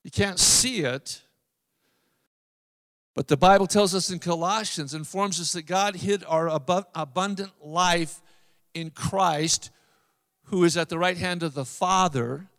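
A man preaching a sermon, emphatic, with drawn-out phrases and repeated lines. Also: high voice, a bit bright, big-room sound. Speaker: pastor.

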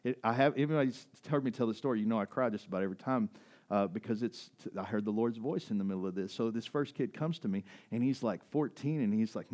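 In this sermon, a male pastor shares a personal story, alternating between high, excited outbursts and quiet, emotional moments. Occasionally he seems on the verge of tears.

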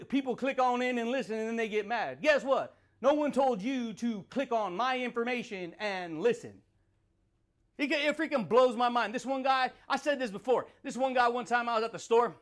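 Podcast host, male, high pitch, rambling motivational riff with laughs and catchphrases. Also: a bit bright. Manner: rambling, laughs between points, swears; repeats catchphrases and calls listeners dude and baby. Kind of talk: motivational monologue.

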